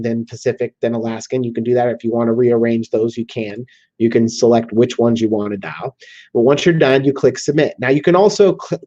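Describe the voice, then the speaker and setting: A man with a Southern American accent walking viewers through a software tool in a casual screen-share tutorial, often checking in with "okay?". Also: medium pitch. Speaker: software demo presenter. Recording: slightly dull lo-fi audio.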